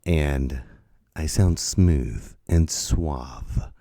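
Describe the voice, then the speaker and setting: A man's voice: extremely low pitch, drawn-out words, mellow. A man, a stand-up comedian, hosting his own podcast in a playful, rambling, self-mocking way into a new microphone that pops on p sounds. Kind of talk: casual solo podcast monologue. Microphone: new podcast microphone with popping p sounds.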